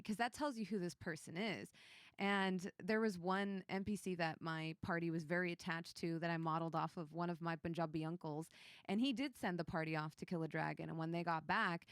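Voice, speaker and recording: A woman's voice: lowish voice, normal speed, dry recording, studio quality. A woman game master on a panel, talking animatedly and acting out quotes as she talks with her hands. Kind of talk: casual panel discussion.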